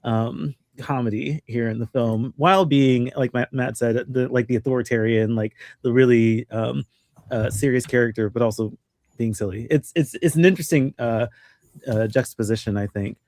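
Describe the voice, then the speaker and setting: A man hosts a relaxed film podcast, feeling his way through each point with plenty of fillers and false starts. His voice sits at an ordinary middle pitch, and the sound is dry with no room echo. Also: normal speed. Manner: hesitant, many ums and restarts. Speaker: podcast host. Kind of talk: casual film discussion.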